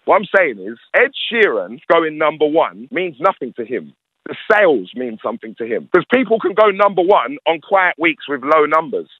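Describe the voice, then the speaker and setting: Ranting high-voiced man, tinny. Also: sing-song, normal speed, breathy edge, dry recording. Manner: ranting, emphatic, repeats himself. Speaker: guest. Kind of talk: heated radio interview. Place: radio studio.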